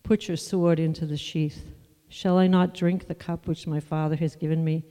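A preacher delivers a sermon in a mellow, warm voice, talking through scripture in an easygoing, conversational way. The sound carries a long reverb, as if in a large hall. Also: mid-range voice, little pitch movement, clean tone. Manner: conversational, unhurried Bible teaching with asides.

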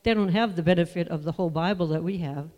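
A preacher giving a sermon, teaching from the Bible in a conversational, unhurried way with asides to the listeners. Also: mid-range voice, darkish tone, big-room sound, dull audio.

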